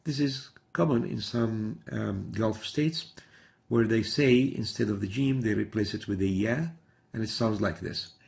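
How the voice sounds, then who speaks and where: A middle-aged man with a lowish, gravelly voice and a darkish tone speaks a little slowly. He teaches Quran recitation in a methodical instructional lesson, repeating example words to show each sound.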